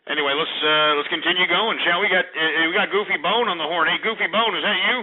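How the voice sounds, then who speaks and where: A man's voice: high voice, quick pace. A man hosting a call-in radio show, brash and profane, berating callers with insults. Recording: tinny phone-like radio audio.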